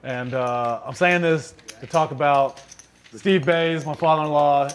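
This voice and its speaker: Chatty man giving shout-outs. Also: a little high, steady tone, unhurried, a little hiss or hum. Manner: chatty, teasing, loose. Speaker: poker stream commentator. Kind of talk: casual banter and shout-outs. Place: poker room livestream.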